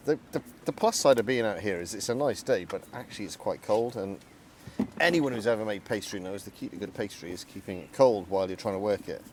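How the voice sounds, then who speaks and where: Low-voiced chatty outdoor cooking man. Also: lively intonation, a little fast, background noise. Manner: chatty, self-deprecating, talks through each step. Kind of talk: casual cooking vlog narration. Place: outdoors in woodland.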